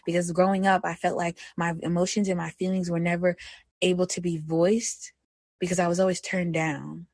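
A young woman hosting a personal podcast, talking candidly. She moves between soft reflection and animated self-talk. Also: lowish voice, moderate pace, no echo. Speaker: podcast host.

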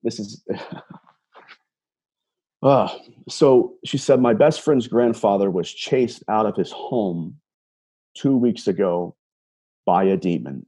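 A man's voice: on the low side, expressive, takes it slowly, pauses often, mellow, breathy edge. A man telling a personal story in an earnest, casual way, recounting a conversation line by line with many repeated words and restarts. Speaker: self-described empath telling a personal story.

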